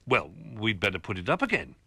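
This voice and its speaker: A man voicing a practical male toy koala who speaks in a hushed, worried way. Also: on the low side, big pitch swings, fairly quick, slightly rough, no echo, full character voice.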